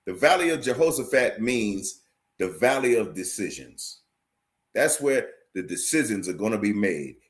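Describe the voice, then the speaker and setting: Forceful preaching man, repeating himself. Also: medium pitch. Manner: forceful, preachy, repeats phrases, quotes scripture; addresses viewers directly, asks "you understand?". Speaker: street preacher teaching a class. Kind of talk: livestream sermon.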